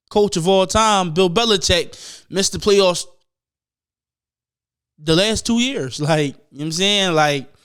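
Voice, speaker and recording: High-voiced young man ranting about football. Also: fairly bright tone, clean tone. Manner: profane, rambling, mimics people in quick asides. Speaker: podcast host. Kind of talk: casual sports rant.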